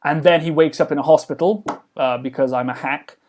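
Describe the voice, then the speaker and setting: A man's voice: on the high side, a little fast, a little mellow, slight background noise. A man talking casually in a podcast conversation, rambling with lots of fillers and restarts as he explains his game project. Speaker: game developer guest.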